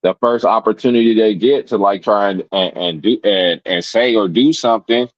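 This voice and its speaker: Low-voiced man telling a rambling story. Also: normal speed, dry recording, lo-fi sound. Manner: rambling with many restarts and fillers. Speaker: podcast guest. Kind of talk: casual storytelling.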